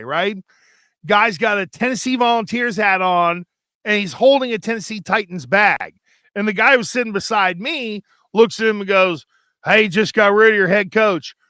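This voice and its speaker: A man talks sports with a high, bright, ringing voice. He piles one thought onto the next as he tells animated stories. The studio sound is dry and close. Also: smooth, dry recording. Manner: animated storytelling, rapid, run-on. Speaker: sports talk show co-host. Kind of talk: casual sports talk.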